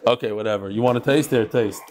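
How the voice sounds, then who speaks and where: A man's voice: medium pitch, quick pace, noisy background. A man leading a daily Talmud class, joking and teasing back and forth with the people in the room. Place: classroom with a live audience.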